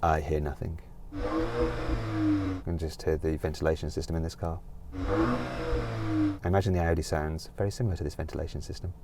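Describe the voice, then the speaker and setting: A man's voice: sits low, moderate pace, vocal fry, long pauses, background noise. A man presenting a car drag race from inside a car, cheeky and jokey, exclaiming at the action.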